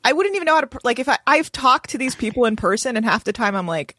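A comedian guest talking casually in an animated way. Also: female voice, a little high, quick pace. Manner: animated, mocking quoted voices. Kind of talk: casual chat.

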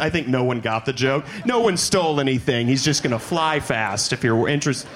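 A man performing a stand-up set on a comedy club stage, animated and breaking into high-pitched panicky outbursts. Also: fairly quick, few pauses, a crowd in the background. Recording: live stand-up recording with room noise.

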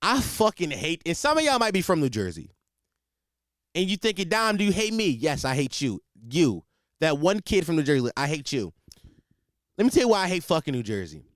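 Brief: young Philly man, high voice with wild swings, profane comedic rant, dry close sound. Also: brisk, no echo. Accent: Philadelphia. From Philadelphia, USA. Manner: animated, swings between shouting and muttering, repeats himself. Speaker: comedic ranter.

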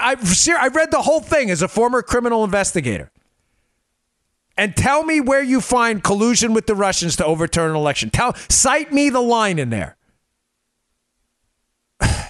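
Sarcastic guy hosting a political podcast, high voice, rambles and restarts, dry close sound. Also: a bit bright, no echo. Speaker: podcast host. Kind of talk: political commentary show.

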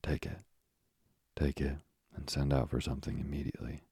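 A man's voice: rumbling low, level tone, normal speed, vocal fry, mellow, husky, dry recording, studio quality, full character voice. A man voicing an earnest young sailor speaking to his father in an audiobook, urgent and eager.

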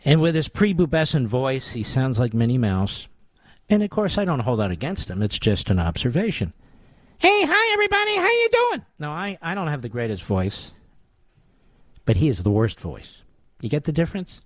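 A man's voice: mid-range voice, sing-song, moderate pace, darkish tone, no echo, studio quality. A man hosting a political talk radio show, delivering a combative, sarcastic monologue.

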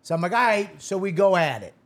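A man from Boston, a guest comedian, telling a profane, animated story on a casual podcast and acting out the quotes. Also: sits high, fast talker.

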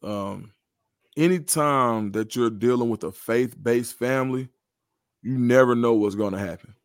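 A man's voice: mid-range voice, unhurried, clean tone, no room sound, clean studio sound. A man, a guest analyst in a podcast interview, talks through football recruiting in a confident, analytical way. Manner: confident, analytical, animated storytelling.

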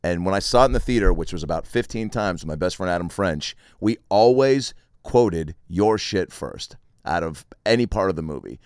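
Man, deep voice, very animated delivery, dry sound, casual interviewer. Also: moderate pace, few pauses, dry recording. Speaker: podcast host.

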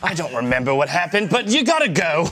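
A man playing a bumbling Paul Revere, rambling excitably in a muddled mock-English accent. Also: on the high side, fairly quick, voice pushed down. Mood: excitable. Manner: excitable, rambling, near-shouting. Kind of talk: improv comedy scene.

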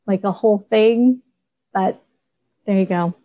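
Woman artist, warm and mellow, dry close sound, earnest animated storyteller on a call. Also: medium pitch, measured pace, long pauses, dry recording, poor audio. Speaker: artist and coaching student. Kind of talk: coaching call.

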